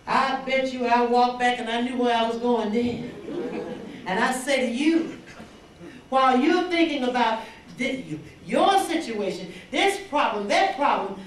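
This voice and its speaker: An older woman gives an inspirational storytelling speech at a banquet. Her voice sits a little high, and she acts out every line of dialogue. She is picked up from a distance, and the big hall rings with echo. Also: a little hiss or hum. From Mississippi Delta. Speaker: banquet speaker. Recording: echoey hall recorded from far off.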